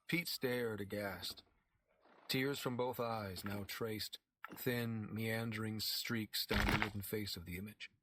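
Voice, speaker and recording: Male audiobook narrator with a measured, dramatic read. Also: fairly low pitch, fairly even intonation, background noise.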